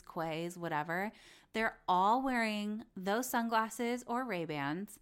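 A woman's voice: mid-range voice, fairly bright tone, clean tone. Gushing, chatty young woman host. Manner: gushing, chatty, acts out quoted voices. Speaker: podcast host. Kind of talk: casual chat about reality TV.

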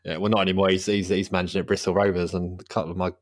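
A man's voice: deep voice, level tone, rapid-fire, no echo, studio quality. A man hosting a casual football podcast, rambling and laughing often. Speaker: podcast host.

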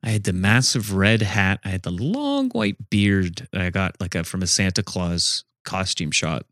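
A man with a fairly low voice tells absurd invented tales in a flat, straight-faced way. He is co-hosting a loose, improvised comedy podcast. The sound is dry and close, with no room echo. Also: normal speed. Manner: deadpan, telling absurd made-up stories straight-faced. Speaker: podcast co-host. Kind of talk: casual improvised comedy chat.

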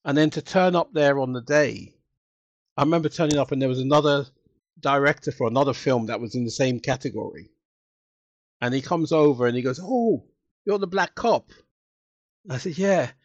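A man as a guest in a casual interview, telling stories in an animated, emotional way and acting out what people said. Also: mid-range voice, brisk, no room sound, lo-fi sound. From United Kingdom. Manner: animated, emotional storytelling with acted-out quotes.

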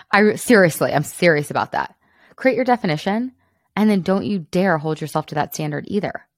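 A woman in her thirties talks straight to other mothers on her solo podcast, candid and encouraging, with a playful, self-teasing streak. Her voice sits low, and it is recorded dry and close with no room sound. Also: gravelly, no echo. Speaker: podcast host, mom coach.

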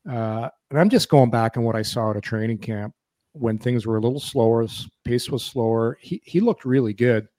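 Man, 50s, sports podcast co-host, rambling, repeats himself, medium pitch, dry close sound. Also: normal speed, warm tone, no room sound. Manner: rambling, repeats words and restarts often. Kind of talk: casual sports chat.

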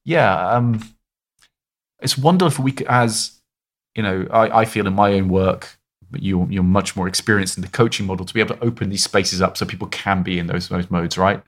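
A man hosting a podcast interview, talking in a rambling, expressive way with many restarts. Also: low-pitched, normal speed. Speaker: podcast host. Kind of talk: casual podcast conversation.

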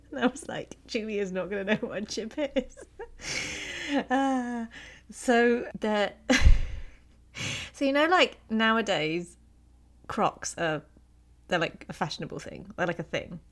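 A woman's voice: medium pitch, animated, slow pace, pauses often. Laughing, rambling New woman. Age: 40s. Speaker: podcast co-host. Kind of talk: casual chat.

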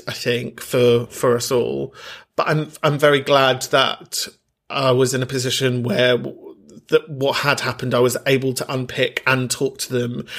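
A male podcast host with a middling pitch, talking in a candid, camp, easygoing way. He laughs easily and shifts readily between joking and frank reflection. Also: vocal fry, fairly bright tone. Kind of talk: casual chat.

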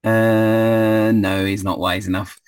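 A man's voice: lowish voice, level tone, takes it slowly, clean tone, no echo. A man running a tabletop game as game master, hesitant with many fillers.

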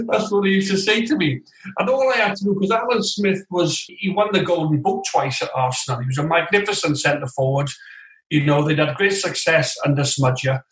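A man as an interview guest, telling football anecdotes in an animated way and acting out other voices, recorded remotely. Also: fairly high pitch, brisk. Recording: roomy echo, distant from the mic.

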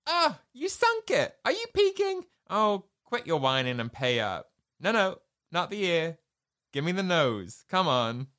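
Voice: medium pitch, wildly swooping pitch, measured pace, a bit bright, pitched above the performer's own voice. A podcast co-host voicing a grumpy toy potato man who complains while losing at a board game. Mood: grumbling.

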